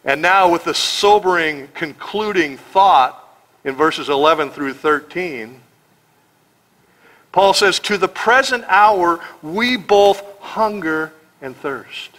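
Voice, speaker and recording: Emphatic, sarcastic American pastor, bright voice. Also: male voice, on the high side, expressive, slow, rough recording. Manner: sarcastic, emphatic, rhetorical questions. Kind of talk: expository sermon.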